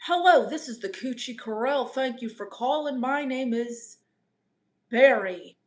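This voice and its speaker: A woman putting on a flat, businesslike club manager who fakes a plain American voice. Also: fairly high pitch, measured pace.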